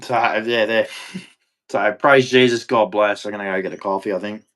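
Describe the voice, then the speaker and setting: A man's voice: lowish voice, steady tone, moderate pace, fairly bright tone. An Australian man delivering a bitter, profane, repetitive rant as a vlogger. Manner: bitter, profane, repeats himself. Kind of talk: angry ranting monologue.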